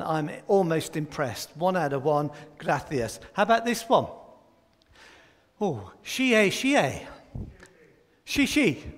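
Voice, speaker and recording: Man, high voice, jokey children's talk, quizzing kids, long church reverb. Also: a bit bright. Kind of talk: playful all-age children's talk in a church service.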